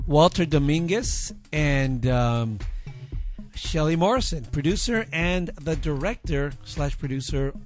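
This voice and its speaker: Laid-back talk show host. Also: male voice, fairly high pitch, expressive, a little slow. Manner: laid-back, reads announcements, laughs easily. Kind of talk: radio talk show hosting. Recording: music bed playing faintly behind.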